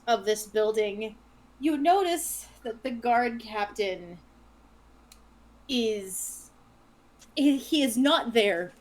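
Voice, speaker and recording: Brief: woman game master, higher voice, chatty, laughs easily, online tabletop session. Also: poor audio. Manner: chatty, laughs often, restarts phrases. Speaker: dungeon master.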